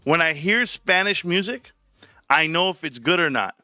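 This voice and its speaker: A man hosting a casual livestream from home, talking in an animated, rambling way with casual swearing. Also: a little high, normal speed, no room sound, studio quality. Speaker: livestream host.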